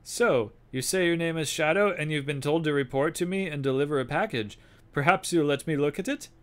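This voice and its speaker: A man's voice: on the high side, clear, resonant tone, voice pushed up, natural voice. Man reading as a formal old spymaster. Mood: formal briefing. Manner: reading game dialogue aloud in a formal, slow, slightly raised voice. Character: older male spymaster, formal and commanding. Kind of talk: reading game dialogue during a livestream.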